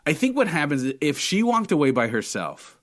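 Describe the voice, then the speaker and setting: A man co-hosting a casual podcast chat, talking in an animated way with many restarts and swearing freely. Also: a little high, a little fast. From Canada. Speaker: podcast co-host.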